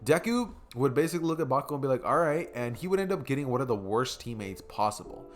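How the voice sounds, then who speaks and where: A man's voice: mid-range voice, sing-song, quick pace, faint music behind. A young man casually narrating an improvised fan story, rambling with many fillers.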